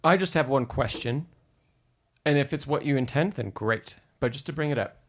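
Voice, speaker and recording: Piano teacher singing phrases over piano. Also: male voice, mid-range voice, moderate pace. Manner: encouraging, sings phrases to demonstrate. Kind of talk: live-streamed piano lesson feedback. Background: piano music.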